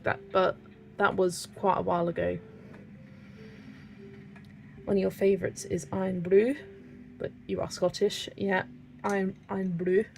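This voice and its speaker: This colouring channel host is a young British woman, British-accented, who giggles and chats casually while colouring live and reading out comments from viewers. She speaks in a mid-range voice with vocal fry and a somewhat dark tone.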